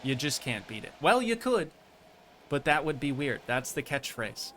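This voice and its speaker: Man, live streamer, worn out, laid-back rambling chat, crisp bright tone. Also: mid-range voice, moderate pace, a little hiss or hum. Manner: relaxed, rambling, self-amused. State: tired at the end of a long stream. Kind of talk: casual live-stream chat while building a theme park.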